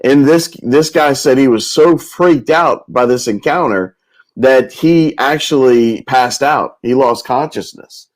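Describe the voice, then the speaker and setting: Male host, mid-pitched, casual storyteller, repeats and restarts a lot. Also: a little slow, low-quality recording. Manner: rambling, with many restarts and repetitions.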